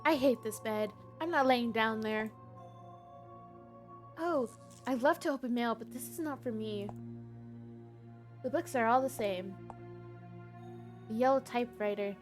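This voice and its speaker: A woman's voice: on the high side, measured pace, pauses often, faint music behind. A woman streaming a game live, chatting casually and reading game text aloud.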